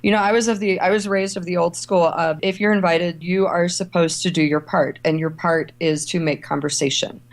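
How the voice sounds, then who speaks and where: With a lowish voice that moves a little fast and rarely pauses, this middle-aged travel writer and editor from Ohio and Kentucky is a guest in a conversational interview. She's an animated storyteller who acts out the voices she quotes.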